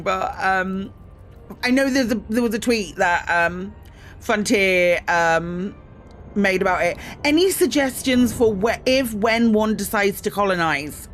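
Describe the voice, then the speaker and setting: This time she takes it slowly, her medium-pitched voice still animated. A British woman streaming a space game, she greets her viewers in bursts and chats casually, full of ums and little digs at herself.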